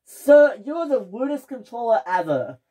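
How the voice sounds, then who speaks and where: A woman voicing a vain, hot-tempered young male steam engine in a toy train story, whining, shouting and sobbing. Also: on the high side, very animated, a little slow, pitched above the performer's own voice. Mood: indignant. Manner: whiny, shouting and sobbing in outbursts.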